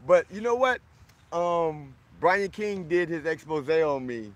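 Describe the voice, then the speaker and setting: A man's voice: on the high side, slow. A man from Florida hosting a casual livestream, boisterous and friendly, greeting viewers by name as he answers their comments.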